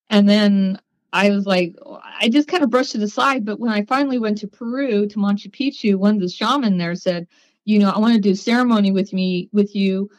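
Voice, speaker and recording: A woman guest on a podcast, telling her story in a lively way and acting out the voices of people she quotes. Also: mid-range voice, no echo, rough recording. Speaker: guest, psychic.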